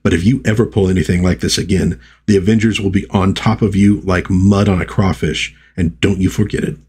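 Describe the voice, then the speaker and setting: A boisterous demigod hero, read by a man from a comic, blustering and folksy. His voice is low with a husky edge. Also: steady tone, fairly quick, darkish tone. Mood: threatening.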